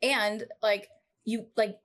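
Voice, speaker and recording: Brief: woman guest in a casual interview, animated storyteller with lots of asides, mid pitch. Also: takes it slowly. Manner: animated, chatty, full of asides. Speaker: podcast guest, entrepreneur.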